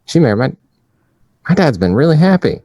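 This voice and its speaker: An actor playing a slow-talking, clueless newlywed man who stumbles through halting restarts. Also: fairly high pitch, big pitch swings, dark tone, dry recording. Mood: sheepish. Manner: speaks slowly with halting restarts. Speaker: guest. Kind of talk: improvised comedy.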